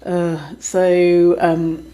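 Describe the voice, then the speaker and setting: A woman's voice: on the low side, completely flat delivery, very slow, dark tone. A woman hosting a podcast, telling a story in a casual, chatty way, swearing freely and often laughing. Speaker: podcast host.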